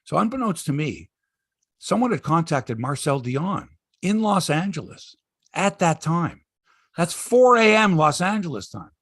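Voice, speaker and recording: Veteran male sports host, sixties, husky, lively storyteller. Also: on the high side, measured pace, no room sound, studio quality. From Canada. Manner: animated storyteller, acts out quotes, swears freely. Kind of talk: casual sports chat and storytelling.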